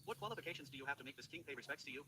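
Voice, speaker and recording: Give me a man doing a haughty male demon king from a fantasy story, fast and lively. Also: medium pitch, close to an everyday voice. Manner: haughty, calls himself this king. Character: arrogant male demon king, proud and threatening. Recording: distant voice over loud background noise.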